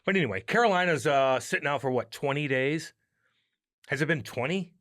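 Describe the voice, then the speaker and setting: Lively, joking male podcast co-host. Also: on the high side, brisk, no room sound, clean studio sound. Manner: joking, swears freely, loud exclamations. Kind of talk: casual sports chat.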